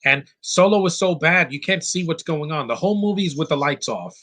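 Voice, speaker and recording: A man's voice: on the high side, expressive, fairly quick, fairly bright tone. A man giving casual live commentary over a film, opinionated and rambling, with frequent fillers and restarts. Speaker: movie commentary host.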